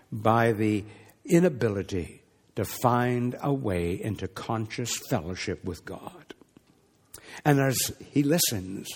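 A male preacher delivering a dramatic sermon, rising to emphasis and dropping to hushed, near-whispered lines. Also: on the high side. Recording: long hall reverb.

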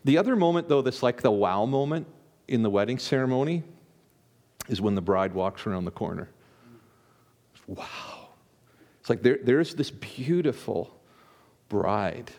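A man's voice: mid-range voice, expressive, moderate pace, darkish tone. A man preaching a conversational sermon as a pastor, often repeating words and restarting his sentences.

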